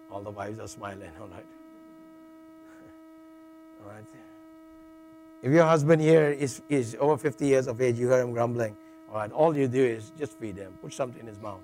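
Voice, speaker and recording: A man's voice: mid-range voice, a little slow, long pauses, darkish tone, a little hiss or hum. A middle-aged man preaching a sermon in a jokey, conversational way, often checking in with "all right" and restarting phrases.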